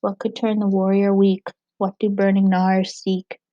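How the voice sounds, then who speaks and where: Woman reading as a calm learned royal advisor. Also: medium pitch, moderate pace, dry recording, dull audio, close to an everyday voice.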